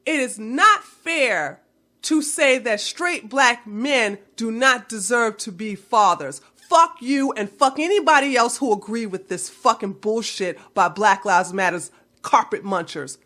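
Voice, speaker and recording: A woman's voice: fairly high pitch, expressive, measured pace, sharp tone. A woman vlogger delivering a heated, blunt commentary rant full of swearing. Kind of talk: profane ranting commentary.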